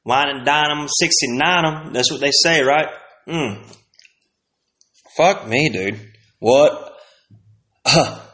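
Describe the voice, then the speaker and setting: A man hosting a profane, rambling comedic rant full of street slang. His voice sits fairly high and jumps into sudden loud outbursts. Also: lively intonation, takes it slowly, long pauses. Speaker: host.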